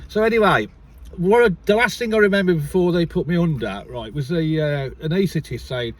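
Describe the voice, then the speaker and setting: A man's voice: on the high side, a little fast, distant mic. A man telling a long story in casual chat, rambling and swearing freely, recorded inside a car. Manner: rambling, keeps restarting with "so anyway". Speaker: vlogger.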